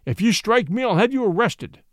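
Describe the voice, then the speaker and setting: A man's voice: on the high side, sing-song, a little fast, fairly bright tone, dry recording, clean studio sound. A man voicing a flustered, corrupt middle-aged judge who speaks in a quavering, nervous way. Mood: frightened.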